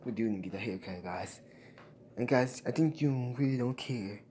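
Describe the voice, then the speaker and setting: A young man talks straight to his viewers in a casual vlog, emotional and repetitive, circling back to thank them. His pitch sits in a middle range. A faint hiss of noise runs under the recording. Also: normal speed, warm tone. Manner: emotional, repetitive, keeps saying "guys". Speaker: YouTuber.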